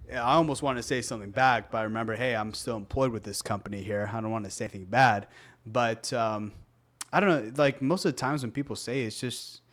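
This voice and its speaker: A young man co-hosting a podcast, talking casually, animated and often laughing, mimicking rude tones. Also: mid-range voice. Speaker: podcast co-host.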